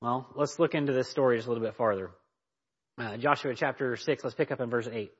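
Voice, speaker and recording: A man's voice: medium pitch, animated, fast talker, slightly rough. A man teaching a church parenting class, speaking emphatically and often checking in with his listeners. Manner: emphatic, checks in with "right?" and "okay?". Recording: dull lo-fi recording.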